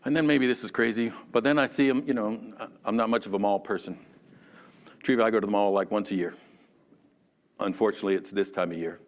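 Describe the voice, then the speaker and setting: A man teaching a Sunday school class in a church, chatty and animated, calling on class members by name. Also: fairly low pitch. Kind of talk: conversational sermon.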